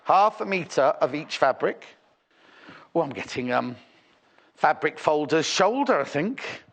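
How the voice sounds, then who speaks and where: Chatty British man with a lively voice. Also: on the high side, unhurried. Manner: chatty, rambling, enthusiastic. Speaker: shopping channel presenter. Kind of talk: live TV selling chat.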